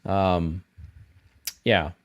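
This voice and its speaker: A man's voice: low voice, steady tone, drawn-out words, highs cut off. A middle-aged man hosting a live stream, rambling casually and answering viewers' chat comments.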